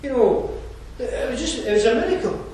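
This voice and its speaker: High-voiced preacher in an echoing hall. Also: male voice, expressive, moderate pace, a little mellow, slight background noise. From Scotland. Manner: earnest, conversational preaching with fillers and asides. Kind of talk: sermon. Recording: roomy distant hall mic.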